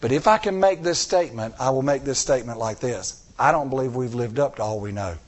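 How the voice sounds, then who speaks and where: A man's voice: medium pitch, a little fast. A middle-aged man preaching a sermon, telling stories with acted-out dialogue and repeating phrases for emphasis. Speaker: church elder preaching.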